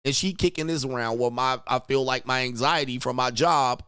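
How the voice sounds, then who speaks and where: A man's voice: medium pitch, normal speed, a bit bright, clean tone, no echo, clean studio sound. A man hosting a livestream, ranting crudely and rambling, constantly saying "all right" between points. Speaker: livestream host. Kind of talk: casual livestream rant.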